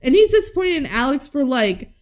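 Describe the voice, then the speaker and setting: Woman on a movie podcast, kinda high voice, doing little character voices and laughing a lot. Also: a little fast. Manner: animated, acts out characters' lines, laughs often. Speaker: podcast co-host. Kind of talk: casual chat recapping a movie.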